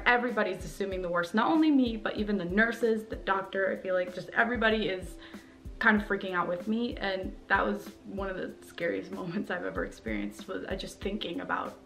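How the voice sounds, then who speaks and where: Young woman, vlogger, mid-pitched, rambling candid talk to camera at home, faint music under it. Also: fairly quick, gravelly, a bit bright. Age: young adult. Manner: rambling and candid, with many fillers. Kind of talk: personal vlog talking to camera. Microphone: camera mic, talking to camera.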